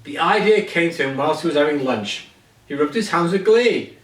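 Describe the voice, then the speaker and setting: A man's voice: fairly high pitch, expressive, normal speed. Man reading a children's story aloud, stumbling and correcting himself, heard from a distance in an echoey room. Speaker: reader. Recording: echoey room, voice away from mic.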